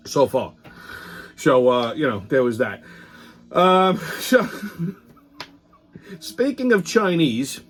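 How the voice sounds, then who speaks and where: A man's voice: mid-range voice, very animated, takes it slowly, long pauses, soft background music. A man hosting a weekly political commentary show, ranting in a profane, heated, sarcastic way, rambling and restarting his sentences.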